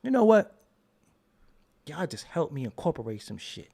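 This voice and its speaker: A man hosts a live stream and rants at his chat with a lot of profanity and mockery, breaking into laughter often. His voice sits high for a man and swings wildly in pitch, with a gravelly edge throughout. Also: sing-song, normal speed, mellow. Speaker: show host.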